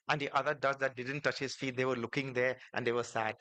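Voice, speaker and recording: A swami, a man, telling devotional stories in a sermon, animated and repetitive, building emphasis as he goes. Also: medium pitch, fast. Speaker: swami, spiritual teacher.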